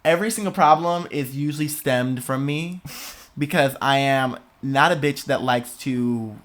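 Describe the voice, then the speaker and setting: A young man hosting a podcast in casual chat, expressive and dramatic, laughing often. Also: mid-range voice, a little slow. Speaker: podcast host.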